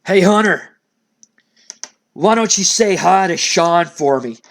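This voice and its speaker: A man putting on a slow, menacing wrestler. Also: high voice, animated, a bit bright, full character voice. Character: menacing male heavyweight wrestler.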